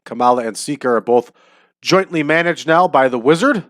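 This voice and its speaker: A man's voice: fairly high pitch, animated, moderate pace, a bit bright, dry recording, clean studio sound. A man hosting a casual let's-play of a wrestling booking game, upbeat and chatty, often breaking into laughter. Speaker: host.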